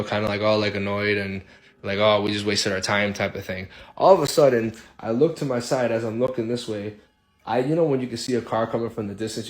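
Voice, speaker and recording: Young man from Illinois, laid-back storyteller, curses a lot, does quick voices for his friends. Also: on the low side. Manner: animated, acts out friends' quotes, swears freely. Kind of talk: casual spoken ghost story.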